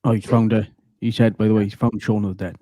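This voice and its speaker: A man's voice: lowish voice, level tone, fast talker, mellow, no room sound. Chatty British man hosting a livestream. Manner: chatty, laughs easily. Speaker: livestream host. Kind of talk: casual livestream chat. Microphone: computer mic.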